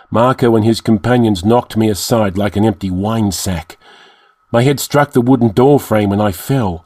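A man reads a dark fantasy story in a measured, dramatic storytelling voice. His voice sits on the lower side. The recording is close and dry, with no room around it. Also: no echo. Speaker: narrator. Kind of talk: audiobook narration.

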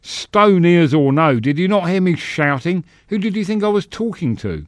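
A man's voice: mid-range voice, big pitch swings, normal speed, a bit bright, dry recording. A man voicing a blustering, bloated halfling senator who rants in a bombastic stump-speech manner. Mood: furious. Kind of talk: storybook reading.

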